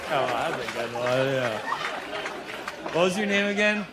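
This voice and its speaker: A man's voice: mid-range voice, animated, normal speed, roomy sound. A man doing a live stand-up set on a club stage, brash and sarcastic, teasing the audience. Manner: brash, crowd-baiting, sarcastic. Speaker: stand-up comedian. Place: comedy club stage before a laughing audience. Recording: audible audience noise and laughter.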